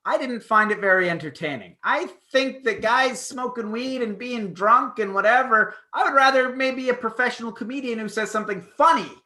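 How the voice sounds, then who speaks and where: Bright, sarcastic high-voiced man. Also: normal speed, few pauses. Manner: sarcastic, dry complaints. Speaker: podcast co-host. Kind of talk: casual chat. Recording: roomy echo.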